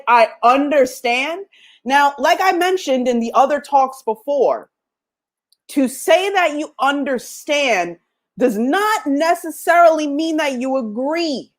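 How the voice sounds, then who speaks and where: A middle-aged woman gives a motivational podcast talk in a bright, high voice. Her pitch swoops widely as she tells stories and acts out old conversations, often breaking into laughter. The delivery feels animated and personal. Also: takes it slowly. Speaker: podcast host.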